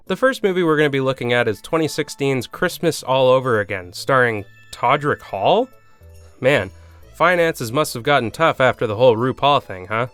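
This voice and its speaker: A man hosting a comedic movie review, narrating with sarcastic remarks and deadpan asides. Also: mid-range voice, moderate pace, clean tone, no echo. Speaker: comedy video host. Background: faint music.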